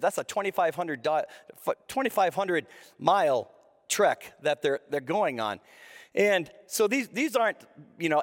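High-voiced male preacher in echoey hall. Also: a bit bright. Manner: conversational, with frequent restarts and asides. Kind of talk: sermon with scripture reading.

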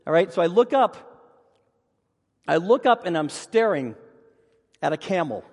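A man with a high voice preaches from the pulpit, telling funny stories about himself in an animated way. His voice rings out with a long reverb, as in a church sanctuary. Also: a little slow. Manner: animated storyteller, self-deprecating humor. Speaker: pastor. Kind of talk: sermon with personal storytelling.

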